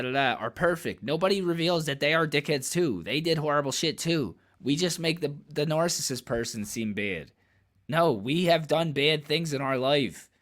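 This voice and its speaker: Man, reaction host, loose rambling delivery, swears freely, mid-pitched voice. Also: a bit bright. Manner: candid, rambling, profane, laughs often. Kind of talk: casual reaction commentary.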